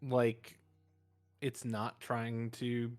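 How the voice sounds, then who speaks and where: A man's voice: medium pitch, monotone, extremely slow. A man describes his character's actions in a tabletop game, laid-back and hesitant. His speech is full of filler and loose restarts. Faint music plays underneath. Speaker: player. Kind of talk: tabletop role-play chat.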